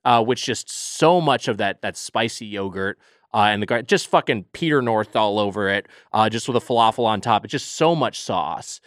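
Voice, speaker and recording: A man's voice: on the low side, normal speed, a bit bright, dry recording, studio quality. A man co-hosting a podcast, reviewing food in a casual, rambling, profane chat. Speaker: podcast co-host.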